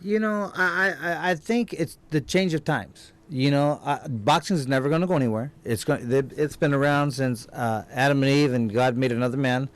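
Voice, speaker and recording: A man's voice: mid-range voice, normal speed, few pauses. A man who was a world champion boxer, guest on a radio talk show, telling stories in a loose, rambling way. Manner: rambling storyteller, many restarts. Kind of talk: casual interview talk. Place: radio studio.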